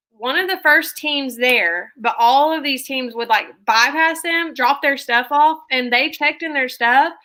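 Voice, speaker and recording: Bright-voiced woman gushing over a recap. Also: on the high side. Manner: chatty and gushing, heavy on "like" fillers. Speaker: reality TV recap co-host. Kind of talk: casual recap chat.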